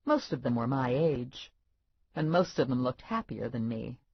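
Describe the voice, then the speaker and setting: A woman narrating an audiobook in first person, wry and expressive with deadpan asides. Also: rumbling low, normal speed, breathy edge, no echo. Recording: dull lo-fi dry audiobook recording.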